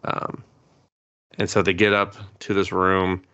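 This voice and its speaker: A man with a fairly low voice talks through a plot recap on a podcast, rambling loosely with plenty of "like" and "um" and the odd swear word. The audio is dull and lo-fi, as if on a modest home podcast setup. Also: completely flat delivery, slow pace, pushed and bright, clean tone. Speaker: podcast co-host. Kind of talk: casual chat recapping anime.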